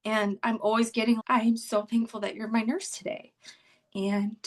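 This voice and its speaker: A woman's voice: fairly high pitch, little pitch movement, brisk. A woman who works as an ICU nurse, speaking as a podcast guest in a heartfelt, emotional way with many restarts. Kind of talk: conversational podcast interview.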